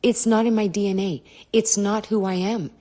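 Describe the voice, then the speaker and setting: A middle-aged woman hosting a podcast, telling a personal story in a candid, blunt way, swearing often and drifting off topic, with a throat she keeps clearing. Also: mid-range voice, fairly even intonation, moderate pace, warm tone. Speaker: podcast host.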